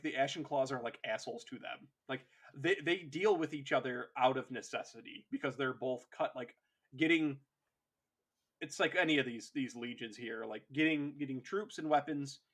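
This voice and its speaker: A man's voice: mid-range voice, a bit bright. A man co-hosts a casual podcast in an ordinary mid-range voice. He rambles through his points and laughs easily. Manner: rambling, many fillers and restarts, laughs often. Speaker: podcast co-host. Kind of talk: casual chat.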